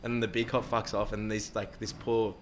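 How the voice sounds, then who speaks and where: A man's voice: lowish voice, level tone, fairly quick, slight background noise. A young man telling a rambling story in casual, sweary talk, acting out quoted voices. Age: young adult. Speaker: interviewee.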